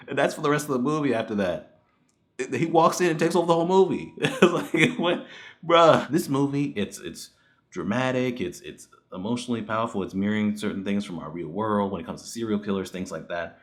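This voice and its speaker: A man with a fairly low voice talks through a movie review in a loose, conversational way. He is animated and exasperated, swears freely and breaks into laughter often. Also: a little fast. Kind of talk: casual spoken movie review.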